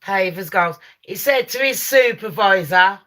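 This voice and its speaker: A young woman telling a ghost story to her live chat, loud and sweary, laughing and shrieking as she goes. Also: medium pitch, animated, unhurried. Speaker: live stream host.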